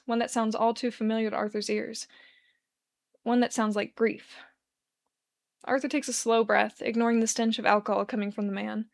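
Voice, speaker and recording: A woman giving an expressive, measured reading of a fan-written story. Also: fairly high pitch, vocal fry. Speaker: fanfic reader.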